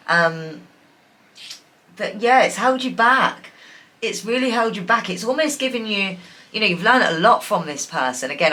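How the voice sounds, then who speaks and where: A woman reads tarot cards in a loose, chatty way, calling her listeners endearments and filling gaps with ums. Her voice sits low but sounds bright and forward. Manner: chatty, affectionate, many fillers and restarts. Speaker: tarot reader. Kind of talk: casual tarot reading.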